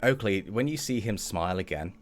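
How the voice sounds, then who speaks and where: Deep-voiced game master. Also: male voice, lively intonation, brisk, faint music behind. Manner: loose, chatty narration with fillers and restarts. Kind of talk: narrating a tabletop game.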